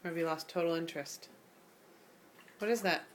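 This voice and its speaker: A woman's voice: on the low side, steady tone, brisk, a little hiss or hum. A mother in her bathroom at bath time, patiently coaxing her toddler to say words, repeating prompts in a sing-song way. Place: home bathroom by the bathtub.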